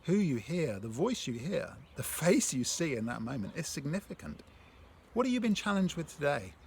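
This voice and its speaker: A man giving a reflective devotional talk. He reads a prayer aloud and then puts gentle questions to the listener, moving between hushed phrases and stronger ones. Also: on the high side, sing-song, moderate pace, creaky, slight background noise. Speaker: speaker sharing a faith story.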